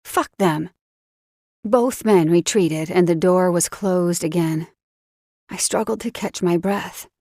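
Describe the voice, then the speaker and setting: A woman narrating a first-person romance audiobook in an unhurried, dramatic storytelling voice. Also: on the low side, dark tone, no room sound, studio quality.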